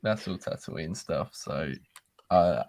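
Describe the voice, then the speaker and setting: A man in a casual chat, argumentative and quick to laugh. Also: sits low, animated, gravelly, a little mellow.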